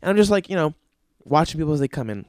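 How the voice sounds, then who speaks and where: A man's voice: fairly high pitch, very animated, very fast, a little mellow, smooth, no echo. A man telling a stand-up story, cursing a lot and working himself up into exasperated rants. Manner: profane, ranting, exasperated outbursts. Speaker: comedian.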